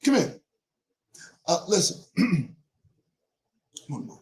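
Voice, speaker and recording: A man in his forties, hosting a show, talking to viewers in a preachy, joking way that breaks into shouting, his voice going hoarse. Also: a little high, lively intonation, normal speed, pauses often. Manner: preachy, jokey, bursts into shouting. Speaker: show host. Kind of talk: monologue to viewers.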